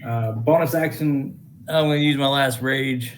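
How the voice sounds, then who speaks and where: A man's voice: medium pitch, normal speed, slight background noise, low-quality recording. Male player asking rules questions. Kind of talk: tabletop game play.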